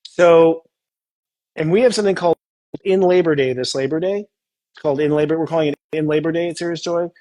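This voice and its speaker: Animated man coaching with tender asides. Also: on the high side, fairly quick. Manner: animated, acts out tender inner dialogue. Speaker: astrologer host. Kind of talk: casual spiritual coaching chat.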